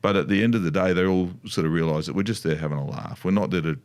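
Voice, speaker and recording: A man's voice: low voice, quick pace, a little mellow. A middle-aged Australian man co-hosting a casual talk about riding, rambling with many restarts and asides. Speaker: motorcycle dealership co-host. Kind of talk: casual chat.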